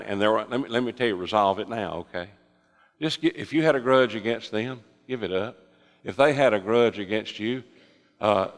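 An older man preaching a sermon, folksy with joking asides, swinging from impassioned fervor to hushed, quiet passages. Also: medium pitch, long reverb tail.

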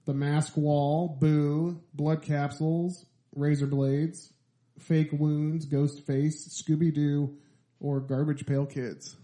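Man, casual podcast host, high-pitched, slow-paced, laughing, faint music behind. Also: level tone, dark tone. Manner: laughs often, mock announcer delivery. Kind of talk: casual chat, reading out list.

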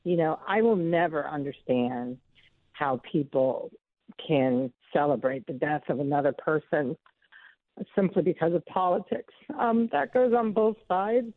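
A woman's voice: deep voice, measured pace, no room sound. Woman guest on a phone interview, earnest, heartfelt storyteller, tinny dry line.

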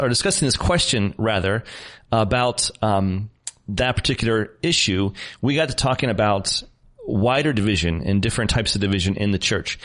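Joking man hosting a podcast. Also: medium pitch. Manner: relaxed and joking, with many fillers. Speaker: podcast host. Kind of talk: casual podcast chat.

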